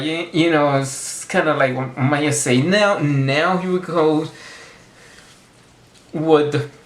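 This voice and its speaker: A man vlogging a rambling comedic monologue, halting and restarting his sentences often. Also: a little high, echoey room.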